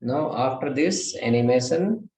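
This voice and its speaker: A man teaching a live web design lesson, walking through each step slowly and quizzing his class. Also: mid-range voice, animated, dark tone, reverberant. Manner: slow, step-by-step explaining, asks the class questions.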